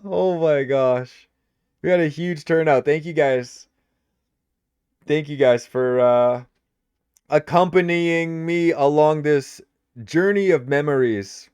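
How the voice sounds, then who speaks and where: Male streamer, live commentary, excitable and laughing, dry close sound. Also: a little high, takes it slowly, pauses often, smooth, no room sound, dull audio. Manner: excitable, laughs a lot, loud.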